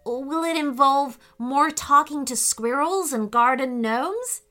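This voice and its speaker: A woman's voice: high voice, wildly swooping pitch, takes it slowly, pushed and bright, faint music behind, pitched above the performer's own voice, exaggerated voice. A woman voicing an eager, polite young girl.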